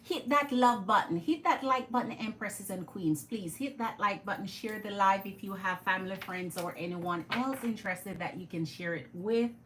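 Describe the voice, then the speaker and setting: A woman's voice: mid-range voice, normal speed, few pauses, a bit bright, a little hiss or hum, low-quality recording. A woman with a Jamaican accent hosting a live tarot stream, chatting with her viewers and greeting them by name.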